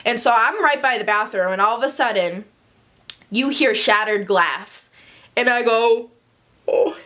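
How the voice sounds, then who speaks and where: Bright, chatty young woman telling a story. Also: fairly high pitch, measured pace. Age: 20s. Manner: chatty and dramatic, acts out quotes. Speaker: vlogger. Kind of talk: casual storytime vlog.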